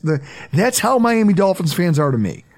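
A man, hosting a casual sports podcast and telling stories in an animated way, laughing often. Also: high voice, moderate pace. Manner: animated storyteller, laughs a lot. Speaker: podcast host.

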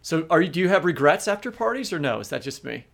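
Podcast host guy, playful, slightly high voice. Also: big pitch swings, fast, gravelly, fairly bright tone. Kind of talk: podcast interview.

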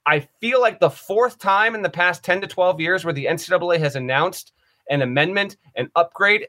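A man's voice: fairly high pitch, pushed and bright. A man hosting a casual sports podcast, reading statements aloud and adding dry comments of his own. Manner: reads quotes aloud then comments wryly. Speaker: podcast host.

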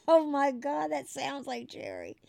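A woman guest in an interview, telling candid stories in an animated way and laughing as she goes. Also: sits high, slow pace, vocal fry, no echo, studio quality, soft background music.

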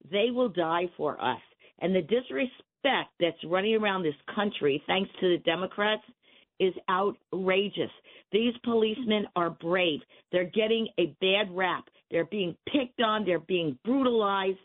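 A woman calling in to a radio show, heated and emphatic, firing rhetorical questions. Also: mid-range voice. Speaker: caller. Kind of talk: call-in radio talk. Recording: phone line.

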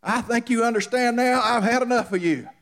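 A man acting out a frustrated grown father who has just shouted at a pastor. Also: extremely high pitch, brisk, voice pushed up. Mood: fed up.

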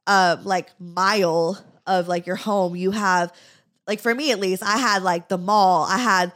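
A woman's voice: mid-range voice, steady tone, measured pace, fairly bright tone. A woman co-hosting a podcast, chatting casually with many fillers and laughing often. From Southern California. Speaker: podcast co-host. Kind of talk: casual chat, reading a listener letter.

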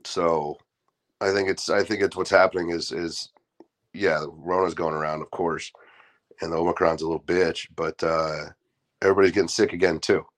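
A man with a stuffed-up nose, co-hosting a casual sports podcast and talking in a laid-back, halting way, with plenty of swearing. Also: deep voice, steady tone. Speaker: podcast co-host.

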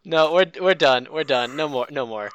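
A man on a podcast, rambling and halting, often laughing. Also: a little high, animated, a bit bright, clean tone, no echo. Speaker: podcast co-host. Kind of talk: casual chat.

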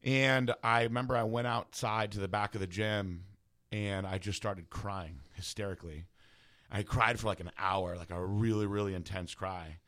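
Male guest, deep voice, candid profane personal story. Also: steady tone, normal speed, fairly bright tone. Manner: casual, profane, heavy use of filler words. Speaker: guest bodybuilder.

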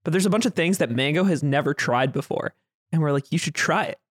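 Young male co-host with a high voice; loose, rambling storyteller, close dry mic. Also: fast talker, no echo. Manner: rambling, laughing, restarts. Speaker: podcast co-host. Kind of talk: casual chat.

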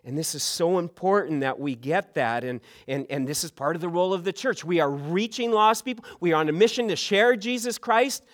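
A middle-aged male pastor from Canada delivers a sermon in a fairly high voice. He is earnest and often repeats his first words before a sentence gets going. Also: expressive, fairly quick, hardly any pauses.

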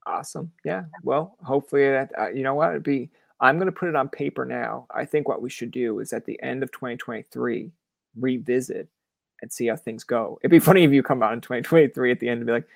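A man's voice: medium pitch, fast, vocal fry, no echo. A young man from Canada hosting a casual podcast interview. He tells stories with lots of acted-out quotes and swears freely. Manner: animated storyteller who acts out quoted voices, swears freely. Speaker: podcast host.

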